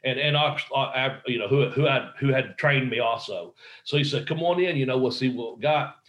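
A professional wrestler rambles through a long anecdote in casual conversation, acting out the voices of the people he quotes, with frequent fillers and restarts. His voice is mid-range and fairly bright, at a moderate pace, with the highs cut off.

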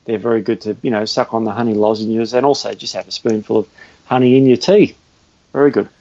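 A man's voice: on the low side, steady tone, quick pace, mellow, highs cut off. An Australian man talking as a health and fitness guest, chatty and earnest, often restarting his sentences. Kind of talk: casual explanatory chat.

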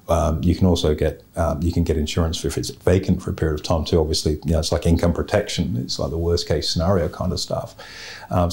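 Deep, flat-voiced man. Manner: blunt, opinionated, plain-spoken. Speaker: podcast host giving property investment advice. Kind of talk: casual advice talk.

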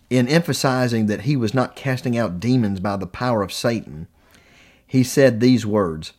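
A man preaching a sermon, reading scripture with deliberate, emphatic pauses. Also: mid-range voice.

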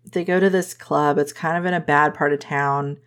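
Her voice sits low and fairly bright, steady in tone and moderate in pace, as this reviewer walks through a romance novel's story. She keeps it casual, laughs a lot, and acts out the characters' lines in a playful way.

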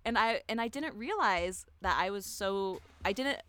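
A woman's voice: mid-range voice, lively intonation, normal speed, bright, forceful tone, smooth, no room sound. Chatty, foul-mouthed woman, dry sound. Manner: chatty, profane storyteller with frequent laughs and filler "like". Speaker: podcast co-host. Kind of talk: casual chat.

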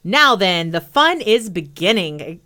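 Older boy, blunt and keen, read by a woman storyteller, lively. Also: medium pitch, normal speed. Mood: eager. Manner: blunt, eager.

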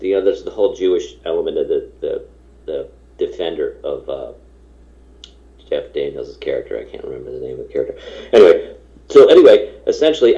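A man's voice: deep voice, warm tone, muffled recording. A middle-aged man casually telling a long anecdote, rambling and restarting, acting out the voices of people he quotes. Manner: rambling, self-interrupting storyteller who acts out quoted voices. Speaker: guest telling a story.

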